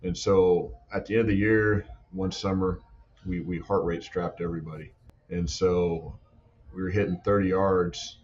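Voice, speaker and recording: Muffled audio carries a deep male voice moving at a moderate pace. The speaker coaches strength and conditioning for football and animatedly recounts training tales in a relaxed podcast chat, leaning constantly on "like" and "you know."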